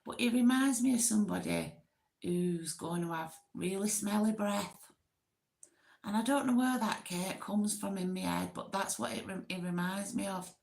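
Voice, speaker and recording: A woman's voice: medium pitch, animated, normal speed, gravelly, a little mellow. A woman hosting a casual, rambling live chat with viewers, giggly and self-deprecating. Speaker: livestream host.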